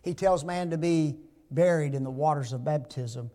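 A man's voice: fairly high pitch, normal speed, warm tone. A man in his sixties preaching a sermon, emphatic and full of rhetorical questions to his congregation.

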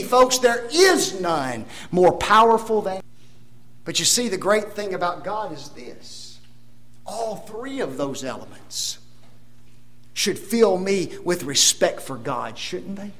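A man preaching a sermon, emphatic, with rhetorical tag questions and dramatic swings between loud declarations and hushed asides. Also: sits high, very animated, takes it slowly. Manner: addresses the congregation as folks.

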